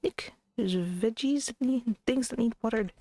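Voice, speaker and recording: Recorded dry on a desk mic at her computer, this fairly high, mellow female voice keeps a measured pace. She's doing casual game commentary, chatty and self-deprecating, with plenty of complaints about lag.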